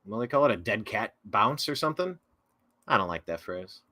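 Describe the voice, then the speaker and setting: A male political talk show host with a bright, forceful voice. He rambles casually through viewer comments, and he keeps correcting himself with mocking sarcastic asides. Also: on the low side, animated, a little fast.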